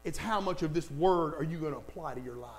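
A man's voice: on the high side, fast talker, rough recording. A man preaching a sermon, emphatic, repeating lines for stress and speaking straight to the congregation. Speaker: pastor.

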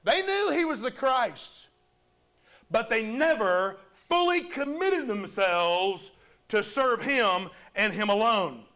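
A high-pitched man preaching to his church. His voice is bright and forceful, and he talks slowly and deliberately, drawing amens from the congregation. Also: expressive. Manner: preaching with call-and-response amens. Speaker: pastor. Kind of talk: sermon.

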